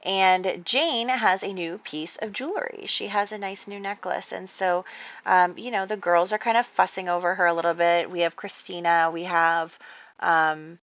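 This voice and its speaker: A woman's voice: fairly low pitch, fairly even intonation, moderate pace, a bit bright, no echo, muffled recording. A woman narrating a life-sim game in a chatty, casual storytelling way, full of fillers. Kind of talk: casual let's-play storytelling.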